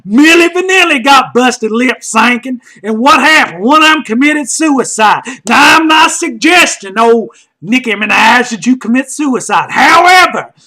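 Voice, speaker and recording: A man delivering a loud, mocking comedic rant, often shouting and rambling with lots of "uh" fillers. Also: extremely high pitch, lively intonation, unhurried. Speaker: comedic commentator.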